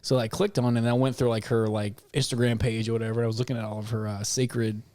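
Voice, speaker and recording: A man's voice: mid-range voice, level tone, quick pace, darkish tone, dry recording, clean studio sound. Rambling, swearing young man, podcast co-host. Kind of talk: casual chat.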